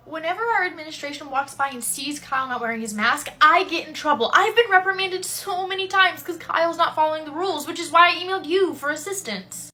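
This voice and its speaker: Exasperated high-voiced young woman. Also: fast talker, few pauses. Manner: exasperated, deadpan asides. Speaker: teacher in a comedy sketch. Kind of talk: comedy sketch acting.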